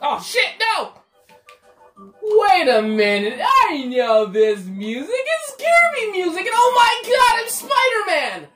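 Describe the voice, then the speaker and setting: A woman with a fairly high voice chats excitedly through a video game, cursing and calling out to her viewers. Her pitch leaps around constantly, the room is echoey, and faint game music plays behind her. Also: unhurried. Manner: excitable, swearing, talking to viewers. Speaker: let's play gamer. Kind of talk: casual gameplay commentary.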